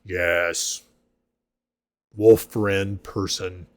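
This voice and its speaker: A man voicing a big, friendly male half-orc warrior who speaks in halting, broken phrases. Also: low voice, steady tone, no echo. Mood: grateful.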